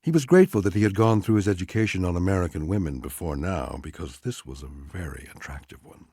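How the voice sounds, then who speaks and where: A man narrating a literary short story aloud in an expressive, dramatic reading style. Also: low voice, fast talker, husky, dry recording, clean studio sound. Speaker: audiobook reader.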